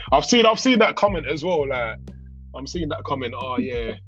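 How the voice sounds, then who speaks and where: A man's voice: on the high side, normal speed, lo-fi sound, music in the background. A man chatting casually, telling a story at length and dropping "bro" and "innit". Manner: relaxed, rambling storyteller, frequent "bro" and "innit". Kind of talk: casual chat.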